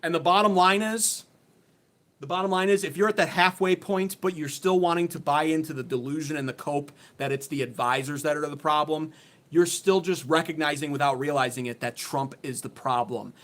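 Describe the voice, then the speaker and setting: Speaking into a desk-mounted phone, this man hosts a heated political livestream, swearing bluntly and dripping with sarcasm as he gets worked up. He sounds fairly quick, with a high-leaning, fairly bright voice.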